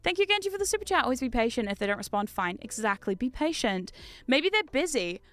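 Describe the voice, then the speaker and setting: A woman's voice: high voice, sing-song, quick pace, fairly bright tone. A woman with a New Zealand accent, chatting frankly and casually on a livestream, laughing often and swearing now and then. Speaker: livestream host. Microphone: studio condenser mic.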